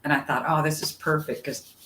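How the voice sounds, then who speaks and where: A woman's voice: sits low, brisk, a little hiss or hum. Chatty woman storyteller, roomy sound. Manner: chatty, animated storyteller, many fillers. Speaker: guest. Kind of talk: casual storytelling chat. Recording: roomy sound with faint ambience.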